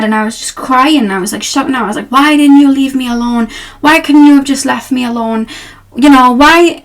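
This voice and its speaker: Gentle young woman giving a tarot reading. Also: a little high. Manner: gentle, reassuring, with many fillers. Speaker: tarot reader. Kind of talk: casual tarot reading to camera.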